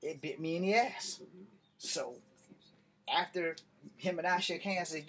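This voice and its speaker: A young man doing stand-up storytelling in an animated, profane, conversational way. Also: fairly high pitch, measured pace, breathy edge. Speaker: comedian.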